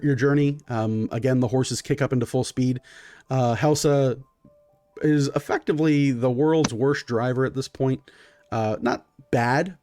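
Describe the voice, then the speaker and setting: A man's voice: mid-range voice, dark tone, no echo. A man narrating a tabletop game as game master, in a loose, filler-heavy way.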